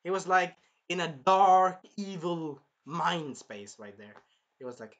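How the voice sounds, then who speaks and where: A man recaps an anime episode in excitable, profane chat. He jumps into loud voices for the characters. His voice is bright and forceful. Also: high-pitched, unhurried. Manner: excitable, swears a lot, acts out characters in shouted voices. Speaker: anime reviewer. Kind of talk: casual anime recap and review.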